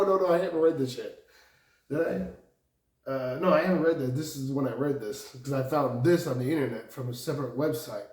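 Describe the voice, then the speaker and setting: Rambling profane man in an echoey room. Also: fairly high pitch. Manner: meandering, profane, laughs often, bursts into loud outbursts. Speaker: vlogger. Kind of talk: rambling personal monologue. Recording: echoey room, distant from mic.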